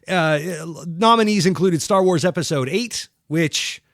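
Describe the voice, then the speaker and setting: A man's voice: sits high, a little slow, fairly bright tone, no echo, studio quality. A man co-hosting a film podcast who talks with enthusiasm and swears freely. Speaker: podcast co-host. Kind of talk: casual film review chat.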